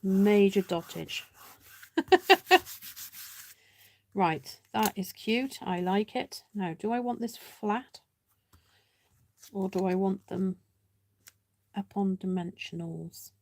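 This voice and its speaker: A woman's voice: mid-range voice, slow, darkish tone. A woman hosting a live card-making demonstration, chatting and thinking aloud as she works, poking fun at herself and greeting viewers by name. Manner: chatty, self-mocking, thinks aloud while working. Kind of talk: casual live craft demonstration.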